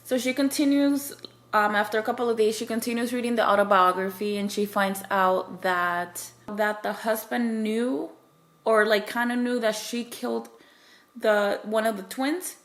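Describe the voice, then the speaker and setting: In a steady, higher-than-average voice at a moderate pace, a woman book reviewer casually walks viewers through a novel's plot, spoilers and all. She rambles, restarts, uses lots of fillers, and voices the characters' dialogue.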